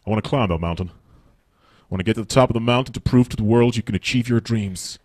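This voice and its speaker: A man's voice: on the low side, fast talker, a little mellow, no echo, voice pushed down, close to an everyday voice. An Irish man doing a sappy, sincere guy. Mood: gushing. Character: earnest, gushing American man.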